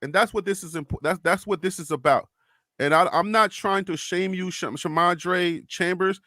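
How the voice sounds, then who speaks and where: A man with a high, bright, sharp voice hosts a livestream panel, talking with deep emotion. He builds his points in a repetitive, preacher-like cadence. The sound is dry and close. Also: moderate pace, no echo. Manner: impassioned, repeats himself, preacher-like cadence. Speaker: livestream host.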